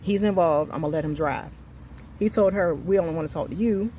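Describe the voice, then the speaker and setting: A woman in her thirties telling an angry story about her son's school, emphatic and reenacting the conversations, swinging between quiet and loud. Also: on the low side, brisk, a little hiss or hum. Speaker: mother venting on her channel. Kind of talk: heated storytelling rant.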